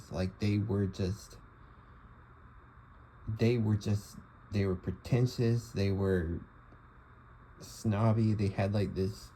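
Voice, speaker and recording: A man's voice: fairly low pitch, mellow, a little hiss or hum, rough recording. A young man talking casually to the camera, rambling with lots of fillers and restarts. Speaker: vlogger. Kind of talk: casual monologue.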